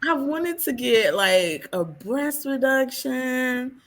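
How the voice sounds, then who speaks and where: A woman co-hosting a podcast in casual chat who speaks hesitantly with many pauses. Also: high-pitched, animated, fairly bright tone. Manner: hesitant, full of ums and restarts. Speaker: podcast co-host.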